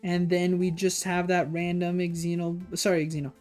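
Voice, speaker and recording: A streamer chatting casually on a livestream in a rambling way, whose voice leaps high when excited. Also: moderate pace, faint music behind. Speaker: streamer reacting to game announcements.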